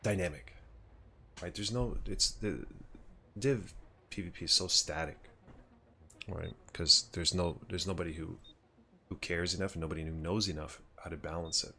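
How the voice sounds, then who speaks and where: A man's voice: low-pitched, normal speed, pauses often, bright, forceful tone, slight background noise. A man streaming a shooter game, chatting casually and rambling as he reacts to the play. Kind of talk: casual gameplay commentary.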